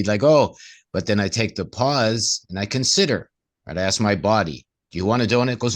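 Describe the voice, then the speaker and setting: Male co-host, lowish voice, casual talk, slips into acted inner voices. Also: normal speed. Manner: acts out inner voices in quoted asides. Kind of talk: casual conversational discussion.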